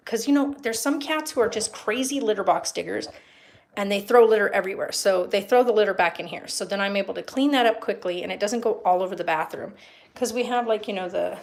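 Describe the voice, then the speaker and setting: In a casual home tour vlog, a young woman with a medium-pitched voice and vocal fry shows off her house and yard. She chats and rambles somewhat, pausing to baby-talk her cats.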